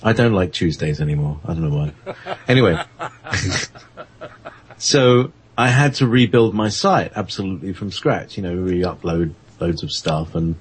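A man hosting an internet radio show, chatting in a halting, rambling way with lots of fillers and frequent laughter. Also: low voice, expressive, slight background noise. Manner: halting, many fillers and restarts, laughs often. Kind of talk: rambling casual chat on air.

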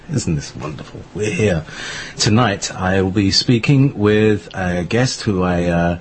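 A man hosting an internet radio talk show, slow and rambling with many fillers. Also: low-pitched, a little hiss or hum. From Scotland. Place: home studio in northern Scotland.

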